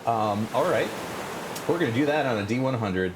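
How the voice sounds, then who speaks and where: A man's voice: mid-range voice, lively intonation, moderate pace, background noise. Hesitant man running a tabletop game. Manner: hesitant, many fillers. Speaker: game master.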